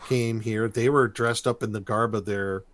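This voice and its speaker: A man's voice: on the low side, steady tone, moderate pace, fairly bright tone, no echo. A man co-hosting a podcast, recapping a cartoon episode in loose, chatty storytelling with many fillers. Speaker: podcast co-host. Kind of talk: casual cartoon recap chat.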